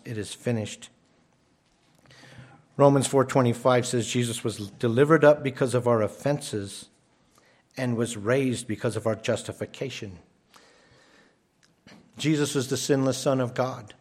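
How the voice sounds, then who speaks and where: A man's voice: mid-range voice, darkish tone. A man preaching a sermon as pastor, emphatic and often repeating his first words as he starts a phrase.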